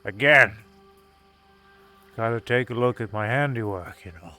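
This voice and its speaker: A man's voice: medium pitch, unhurried, bright, forceful tone, soft background music. A man playing a chatty role-play craftsman with a put-on British accent, musing in a meandering, hesitant way full of fillers. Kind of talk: live-streamed role-play.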